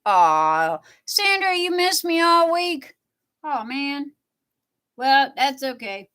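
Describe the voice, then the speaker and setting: Her voice is high-pitched, sing-song, slow, pushed and bright. This middle-aged livestream host rambles through casual chat with her viewers, reading their comments aloud and saying "you know" again and again.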